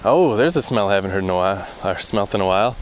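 A man's voice: fairly low pitch, lively intonation, quick pace, slight background noise. A man hosting his podcast, rambling and swearing in frustration as he walks along a wooded path outdoors, recorded on a portable battery mic. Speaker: podcast host. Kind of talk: rambling walking monologue. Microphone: battery-powered portable mic.

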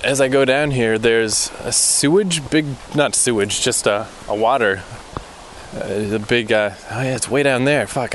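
Walking along a wooded trail, a man hosting his podcast delivers a rambling, frustrated monologue full of swearing. His voice is mid-range and fairly bright, captured on a portable battery mic with slight background noise.

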